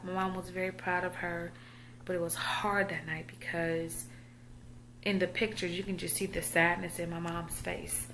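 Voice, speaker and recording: A Southern woman in her thirties talks in a personal vlog, her voice on the lower side. She speaks quietly and haltingly, often trailing off mid-thought. A faint noise sits under the recording. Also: flat delivery. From Texas. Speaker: vlogger.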